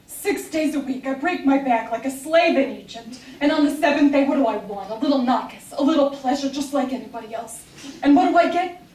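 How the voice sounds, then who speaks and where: Woman playing overworked older housewife, theatrical lament, high voice, distant mic. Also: a little fast, a little mellow, close to an everyday voice. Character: melodramatic, put-upon older housewife. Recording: roomy live hall, distant mic.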